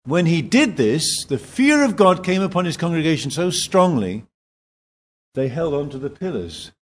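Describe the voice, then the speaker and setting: A man preaching a sermon at a church in Singapore, slow and emphatic. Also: husky. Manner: slow, emphatic preaching with lively pitch swings.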